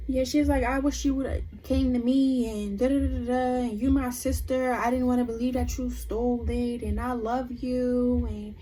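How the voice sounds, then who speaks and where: A woman's voice: a little high, slight background noise, rough recording. Chatty young woman telling a story. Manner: animated, retelling with quoted dialogue. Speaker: vlogger. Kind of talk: casual storytime chat.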